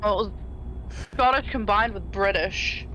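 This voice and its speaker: A woman's voice: mid-range voice, normal speed, sharp tone, lo-fi sound, slight background noise. A woman streaming a driving game, chatting casually and bluntly with friends while cursing freely. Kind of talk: casual gaming chat.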